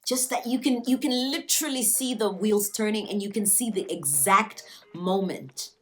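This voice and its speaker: A woman's voice: mid-range voice, normal speed, a bit bright, faint music behind. A woman recapping a TV episode in a casual vlog, joking and slangy. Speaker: TV show reviewer.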